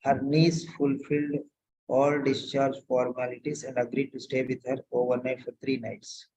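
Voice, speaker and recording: Correcting a written letter aloud for nursing students, a male tutor goes slowly and repeats himself, often asking pointed questions. His mid-range voice is a little mellow with little pitch movement, and the audio sounds dull.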